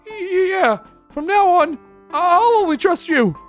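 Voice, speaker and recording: A man voicing a timid, panicky young man who pleads and stammers in a high voice. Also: expressive, slow, faint music behind, heavily acted. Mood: tearful.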